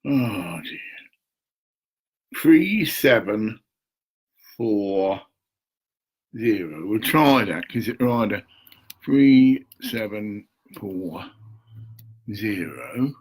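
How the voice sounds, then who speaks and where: A man's voice: fairly low pitch, expressive, drawn-out words, pauses often, breathy edge, rough recording. An older man, rambling and muttering to himself at home while talking to camera, swearing now and then. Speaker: vlogger.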